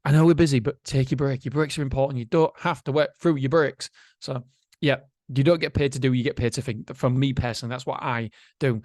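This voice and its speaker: A man hosting a solo motivational podcast, chatty and animated, swearing casually. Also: mid-range voice, brisk, no room sound, studio quality. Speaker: podcast host.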